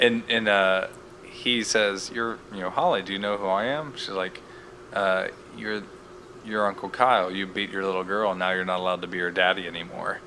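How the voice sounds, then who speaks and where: A man's voice: sits low, steady tone, normal speed, bright, forceful tone, slight background noise. A man co-hosting a podcast, recapping a TV episode in a loose, joking chat. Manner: laughs easily, loose and swearing. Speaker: podcast co-host.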